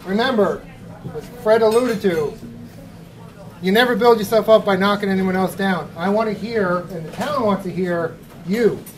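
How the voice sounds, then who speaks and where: A man's voice: high-pitched, normal speed. A man moderating a candidates' forum, informal and instructing. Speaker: event moderator. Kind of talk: casual event hosting. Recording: noisy room recording.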